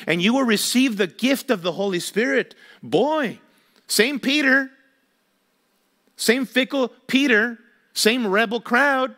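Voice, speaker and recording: High-voiced man preaching a sermon. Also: sharp tone. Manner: emphatic preaching with rhetorical questions. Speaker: pastor.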